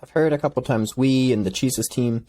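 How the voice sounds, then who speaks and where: A man's voice: medium pitch, normal speed, mellow, slight background noise. A man hosting a casual interview, easygoing and reflective, thinking aloud. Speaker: interview host.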